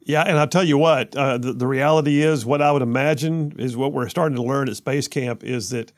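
A man hosting a radio talk show, chatty and quick, with lots of stumbling restarts. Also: medium pitch, fairly even intonation, dry recording. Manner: chatty, stumbling restarts, rushes when he gets going.

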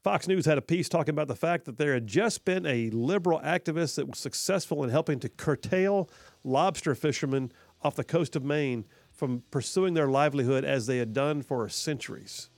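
A man's voice: a little high, moderate pace, no echo. A man hosting a talk radio show, giving opinionated political commentary and repeating his points for emphasis.

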